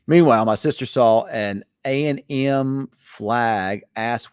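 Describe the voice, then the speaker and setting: A man's voice: medium pitch, slow, hardly any pauses, smooth, no echo, studio quality. A man hosting a weather show, chatting casually in a rambling, teasing way. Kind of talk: casual late-night live chat.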